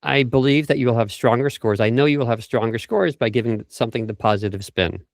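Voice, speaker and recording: Middle-aged male vocal coach, lively, acts out phrases, dry studio mic. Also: mid-range voice, fast talker, gravelly, no room sound. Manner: animated, acts out example phrases. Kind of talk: conversational podcast interview.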